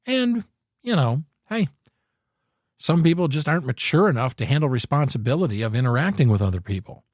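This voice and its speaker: A man's voice: fairly high pitch, lively intonation, brisk, no room sound, clean studio sound. A man hosting a podcast, talking through a casual motivational monologue in an earnest, rambling way, often correcting himself. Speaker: podcast host.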